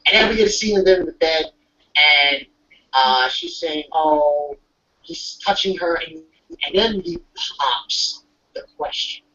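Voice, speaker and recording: A young adult recapping an anime episode in a casual, excitable chat. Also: medium pitch, measured pace, distant mic. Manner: animated, excitable storytelling. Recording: muffled audio from off-mic.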